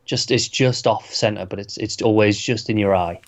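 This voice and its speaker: A man co-hosting a casual review chat, mostly giving short agreeing replies and calm observations. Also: fairly low pitch, moderate pace. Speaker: podcast co-host. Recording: dull lo-fi sound.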